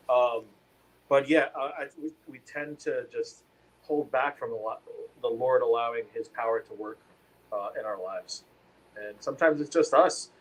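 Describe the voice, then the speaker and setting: A man's voice: medium pitch, fairly bright tone, slightly rough, poor audio. A middle-aged man co-hosting a church podcast, talking in a rambling way with many fillers and restarts. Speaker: podcast co-host. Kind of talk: casual church podcast chat.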